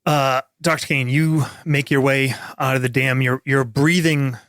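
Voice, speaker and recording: A man narrating a tabletop horror game as game master, steady and descriptive with frequent fillers. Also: mid-range voice, unhurried, no room sound, studio quality.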